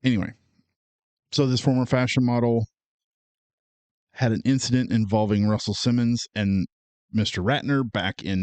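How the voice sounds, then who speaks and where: A man co-hosting a film podcast, going through his notes in a measured, matter-of-fact way. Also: on the low side, darkish tone, no room sound. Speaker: podcast co-host. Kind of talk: casual chat.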